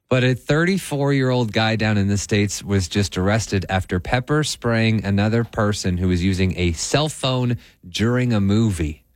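A man from Canada reading morning radio news, steady with some dry humor and frequent fillers. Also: on the low side, unhurried, dry recording. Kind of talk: news reading with casual banter.

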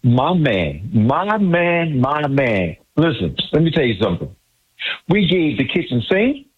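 A man calling in to a sports radio show, excited, boastful and repeating himself. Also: fairly high pitch, measured pace, husky. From United States. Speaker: caller. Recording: muffled phone line.

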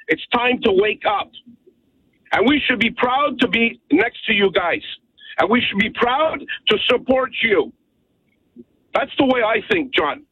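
A man's voice: extremely high pitch, breathy edge, no room sound. A man from Montreal calling in to a radio show, ranting emphatically and rambling, often asking "okay?". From Montreal, Canada. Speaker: caller. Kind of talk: call-in radio rant. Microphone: telephone. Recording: tinny dry phone line.

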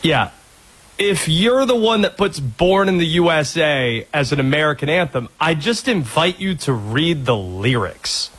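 A male sports radio host in his thirties, from North Carolina, talks in a slightly husky voice. His pitch swings widely as he tells stories. His humor is dry and sarcastic. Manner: sarcastic, animated storyteller.

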